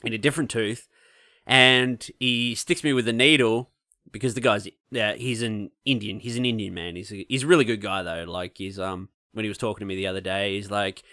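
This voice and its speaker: A man, co-hosting a podcast and telling a swearing, animated story in casual chat, often acting out the voices of people he quotes. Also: on the low side, fairly quick, no echo, clean studio sound. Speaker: podcast co-host.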